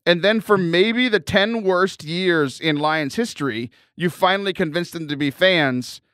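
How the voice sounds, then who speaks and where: A man's voice: high-pitched, measured pace, fairly bright tone, clear, resonant tone, no echo, clean studio sound. A man hosting a faith podcast in casual chat, teasing his guest and laughing often. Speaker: podcast host.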